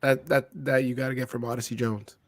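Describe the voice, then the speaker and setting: A man co-hosting a casual wrestling review show, animated and joking, swearing freely. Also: mid-range voice, fairly quick. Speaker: podcast co-host.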